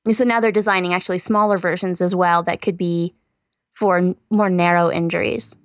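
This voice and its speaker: A woman's voice: lowish voice, fairly even intonation, fairly quick, no room sound, clean studio sound. A woman co-hosting a casual science podcast, chatty and full of "you know" fillers. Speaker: science news co-host.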